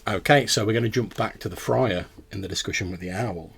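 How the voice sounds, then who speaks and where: Husky-voiced game master. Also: male voice, lowish voice, a little fast. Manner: loose, chatty narration with many fillers. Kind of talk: narrating a tabletop game.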